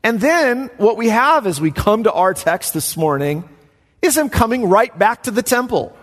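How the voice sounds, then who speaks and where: A man's voice: high voice, expressive, normal speed, fairly bright tone. A man preaching a sermon as pastor in a church, talking to the congregation in a conversational way and rising into emphatic bursts. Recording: echoey hall with long reverb.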